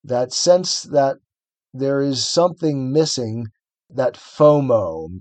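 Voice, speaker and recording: Middle-aged male co-host, reflective and hesitant, mid-pitched, dry. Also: slow, darkish tone, no echo. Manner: reflective, hesitant, with many restarts. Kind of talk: book reading and discussion.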